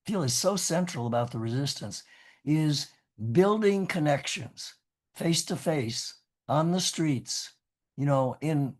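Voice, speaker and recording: A man's voice: a little high, darkish tone. A man with a scratchy voice, a professor giving a rambling, earnest talk on a video call, with frequent restarts and "you know". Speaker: guest speaker, professor. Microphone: video call microphone.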